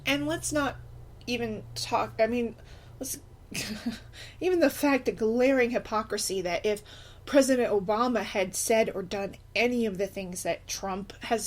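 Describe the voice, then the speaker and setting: A woman's voice: mid-range voice, darkish tone. A middle-aged woman who is a single mother, talking through a podcast monologue in an impassioned, indignant way, with many fillers and restarts. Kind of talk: unscripted personal podcast monologue.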